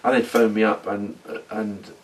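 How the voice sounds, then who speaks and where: A middle-aged man telling his story in a rambling, halting role-play monologue. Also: fairly low pitch, level tone, distant mic. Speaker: former oil company manager in a role-play.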